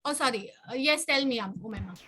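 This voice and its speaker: A woman teacher leading a children's class over a video call, coaxing and brisk as she calls on pupils by name. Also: on the high side, noisy background.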